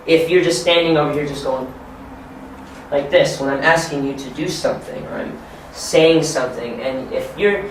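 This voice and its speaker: Lively American man in an echoey room. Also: a little high, moderate pace, slight background noise. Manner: animated, acts out quotes, laughs often. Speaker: ESL teacher trainer. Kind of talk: informal training talk. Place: training room. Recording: echoey room, mic far off.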